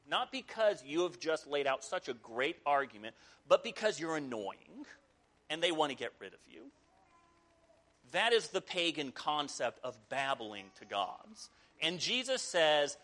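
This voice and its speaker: A man preaching a sermon, telling a scripture story with lively, mocking asides. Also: a little high. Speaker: pastor.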